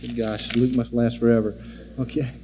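A man teaching an informal sermon, folksy and animated, acting out the scenes he describes. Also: mid-range voice, moderate pace, a little hiss or hum. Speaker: Bible teacher. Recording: dull lo-fi recording in a reverberant hall.

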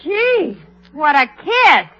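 A woman's voice: very high voice, big pitch swings, very slow, a bit bright. A woman playing the dry, wisecracking sidekick in a scripted radio comedy. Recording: dull old radio recording.

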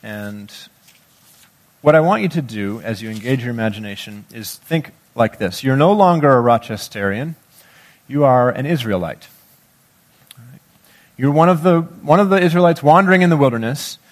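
A man preaching a sermon, reading scripture slowly and guiding listeners in a conversational way. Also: mid-range voice, expressive. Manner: slow, measured scripture reading. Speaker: pastor.

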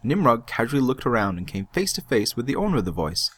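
A man's voice: medium pitch, sing-song, quick pace, a bit bright. A man reading a fantasy story aloud in a dry, wry storytelling manner. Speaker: narrator. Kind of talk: scripted storybook narration.

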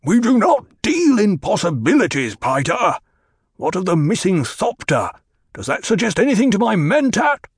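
A man's voice: high voice, very animated, normal speed, breathy edge, no room sound, clean studio sound, voice pushed up, full character voice. A man voicing a cruel, domineering, gluttonous baron who snaps impatiently at his underlings.

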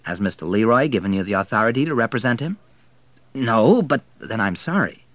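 A man's voice: mid-range voice, lively intonation, fairly quick, no echo, close to an everyday voice. A man playing a cold, clipped banker. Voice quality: clipped, authoritative. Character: authoritative, clipped male banker, cold and formal.

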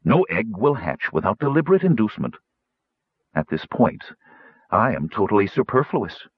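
Man voicing an old lonely dragon, formal, pleading, low husky voice, dull lo-fi sound. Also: big pitch swings, moderate pace, no room sound. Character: ancient, lonely, eloquent male dragon.

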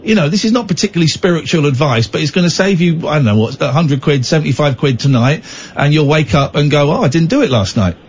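A man's voice: on the high side, lively intonation, fast, hardly any pauses, a little hiss or hum. A man hosting a late-night radio phone-in, talking bluntly and jokily, often rambling and restarting. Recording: dull lo-fi radio broadcast.

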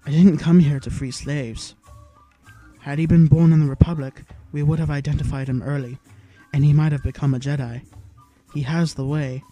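A man playing a calm, wise older knight. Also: on the high side, normal speed, faint music behind, close to an everyday voice. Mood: gentle. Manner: gentle but firm.

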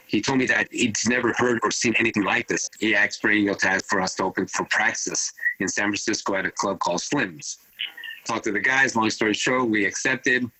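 Rambling storyteller man, low and bright. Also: low-quality recording. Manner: rambling, animated retelling with acted-out quotes. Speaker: guest, turntablist. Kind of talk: casual storytelling.

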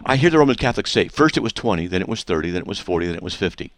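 A man's voice: sits low, animated, racing, dry recording. A man hosting a call-in radio debate who presses a caller with repeated questions and cuts in often. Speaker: radio host.

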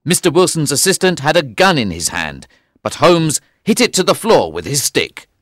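A man giving scripted audiobook narration, telling the story in a slow, clear way. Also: fairly high pitch, huge pitch swings, a bit bright.

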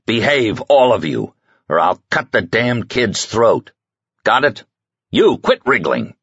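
A man doing a gruff, impatient kidnapper chief who barks orders and threats in a low, husky voice. The audiobook sound is dry and a little dull. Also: sing-song, slow pace, fairly bright tone, no room sound, full character voice. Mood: menacing.

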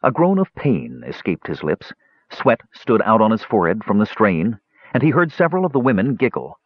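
A man narrating a fantasy story as an audiobook reader, telling it in an animated way. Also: on the low side, normal speed, slightly rough, no room sound, muffled recording.

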